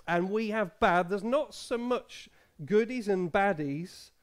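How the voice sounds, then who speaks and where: A man in his thirties, a pastor leading a playful quiz with children in a church service. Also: high-pitched. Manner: playful, quizzing the children, many restarts and laughs. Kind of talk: family service talk with children. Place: church hall.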